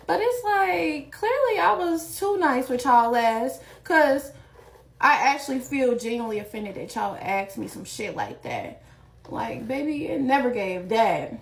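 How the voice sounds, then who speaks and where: Gravelly woman telling a blunt storytime. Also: high-pitched. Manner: blunt, slangy, indignant. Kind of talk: casual storytime.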